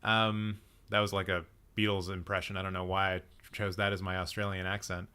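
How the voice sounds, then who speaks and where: A slightly low-voiced man with a bright, forward tone chats casually on a live stream about films. He thinks aloud, circling back with frequent ums and restarts while responding to his chat. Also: level tone, fairly quick, clear, resonant tone. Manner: reacts to chat comments. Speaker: livestream movie chat host.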